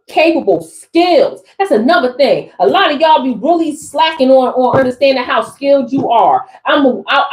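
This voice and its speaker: A high-voiced woman with an East Coast accent, a spiritual coach, reads tarot cards for a live audience in an emphatic, slangy manner, repeating phrases. The recording is low in quality.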